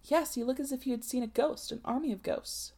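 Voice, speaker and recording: A woman's voice: sits high, a little fast, creaky, mellow, voice pushed up. A woman doing a fussy, shocked young wife. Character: anxious proper young married woman, cousin.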